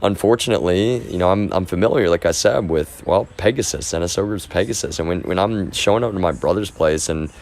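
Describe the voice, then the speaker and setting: Very deep-voiced man rambling insistently. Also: a little fast, few pauses, a little mellow. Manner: rambling, with many restarts and repeated phrases; insistent, keeps stressing his point. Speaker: livestreamer. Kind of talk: casual unscripted monologue.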